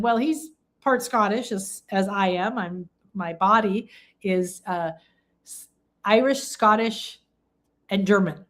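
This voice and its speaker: A woman from England leads a casual live spiritual talk at a middle pitch. She speaks in an effusive, gushing way and often restarts her sentences. Now and then she breaks into excited exclamations. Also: a little slow. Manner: rambling, with frequent restarts and fillers. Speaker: spiritual teacher and live-stream host.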